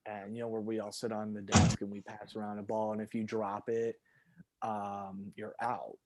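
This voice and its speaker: A man co-hosting a podcast, telling childhood stories in casual chat and jumping high in pitch when quoting himself. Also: flat delivery, normal speed, very noisy. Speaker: podcast co-host.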